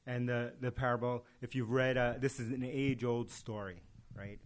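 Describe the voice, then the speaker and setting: A man's voice: medium pitch, flat delivery, normal speed. A man in casual conversation, telling a story and acting out its dialogue. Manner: tells parables with acted-out dialogue.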